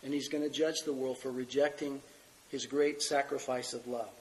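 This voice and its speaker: A man's voice: medium pitch, fairly even intonation, normal speed, a little hiss or hum, poor audio. Male pastor preaching through a cold. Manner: earnest, reads scripture aloud. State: has a cold, coughing. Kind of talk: sermon teaching.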